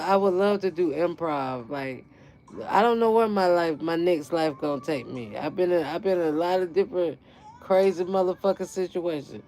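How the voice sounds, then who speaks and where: In a fairly low voice, a woman who hosts a gardening channel chats casually on an unscripted livestream. She's blunt, profane, animated, and offhand with her viewers, and keeps bursting into laughter.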